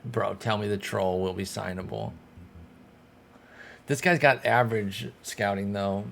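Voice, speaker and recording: A young man giving casual gameplay commentary as a streamer, thinking aloud and breaking into sudden excited outbursts. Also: on the low side, unhurried, gravelly, slight background noise. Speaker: streamer playing a baseball management game.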